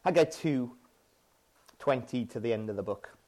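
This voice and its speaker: A man's voice: medium pitch, lively intonation, normal speed, darkish tone. A man with a British accent preaching a sermon, conversational and self-deprecating, acting out his own frustrated outbursts.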